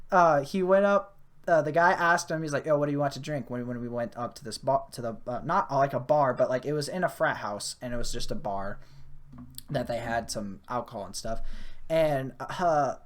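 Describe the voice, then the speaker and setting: A young woman hosting a podcast, telling a casual story full of fillers and restarts. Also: sits low. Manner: rambling with many fillers and restarts; grows animated and loud at the climax. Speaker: podcast host.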